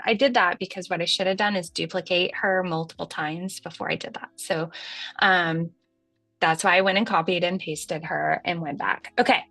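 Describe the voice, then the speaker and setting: A woman in her thirties with a light Southern accent, hosting a casual software tutorial in a chatty, folksy way. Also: on the low side, no room sound. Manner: chatty and folksy, says y'all, laughs at herself. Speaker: livestream host demonstrating software.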